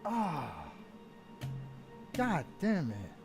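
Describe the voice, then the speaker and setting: Dude streaming a game, cussing a lot, voice jumps all over, slow talker. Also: male voice, fairly high pitch, wildly swooping pitch, vocal fry, music in the background. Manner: frustrated swearing outbursts. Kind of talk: live game stream commentary. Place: home room at a computer.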